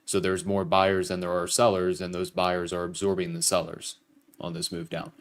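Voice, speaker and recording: A man's voice: low voice, normal speed, vocal fry, clean tone. A young man hosting a live trading stream, casually talking chat through his trades with some profanity. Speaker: livestream trading host.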